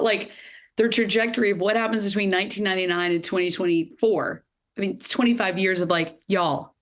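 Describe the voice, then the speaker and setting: A woman in her fifties with a Southern US accent, a podcast guest telling her career story in a lively way with many fillers. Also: mid-range voice. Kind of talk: podcast interview.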